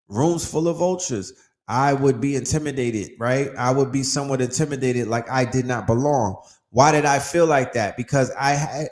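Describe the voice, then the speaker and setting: A man at an ordinary pitch, talking through a casual motivational monologue as a podcast host. He preaches with emphasis, loads his talk with slang and profanity, and circles back on phrases for effect. His voice rings around a roomy, echoing space. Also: a little mellow.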